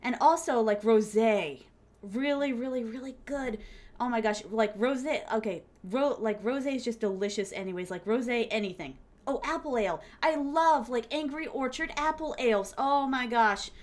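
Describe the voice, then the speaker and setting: Chatting with her viewers as she plays, a young adult streamer speaks at normal speed in a slightly high voice. She's giggly and bubbly, sprinkling in fillers, squealing now and then, and addressing her audience with affectionate pet names.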